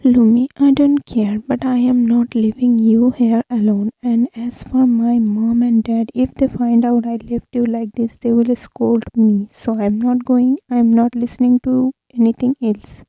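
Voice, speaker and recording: A woman's voice: fairly high pitch, level tone, unhurried, few pauses, no room sound, phone-quality sound. A woman voicing a caring, protective young woman friend who fusses and insists, read for a spoken fanfiction story. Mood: insistent.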